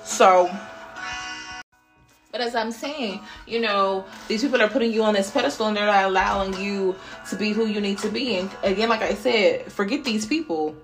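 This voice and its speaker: A woman's voice: medium pitch, normal speed, soft background music. A woman hosting a podcast, giving a casual spiritual pep talk in a blunt, profane way. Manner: blunt and profane, swears freely. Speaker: podcast host.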